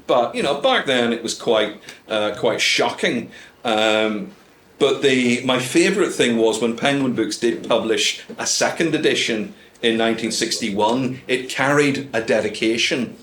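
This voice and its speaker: A man's voice: mid-range voice, animated, a little slow, a bit bright, roomy sound, slight background noise. A man giving a humorous talk to a club, full of dry asides and hesitant ums. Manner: wry, dry asides with many ums and uhs. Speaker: guest speaker. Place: club meeting room.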